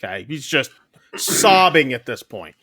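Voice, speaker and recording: A man co-hosting a casual talk show, recapping a story in a loose, rambling way with many fillers and quick jokes. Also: medium pitch, very animated, pushed and bright, no echo, clean studio sound. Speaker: podcast co-host reviewing a film. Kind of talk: casual chat, recapping a plot.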